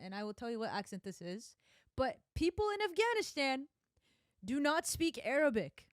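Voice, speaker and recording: A young woman streamer giving casual reaction commentary on film clips, animated and emphatic, with frequent asides. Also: on the high side, dry recording, clean studio sound.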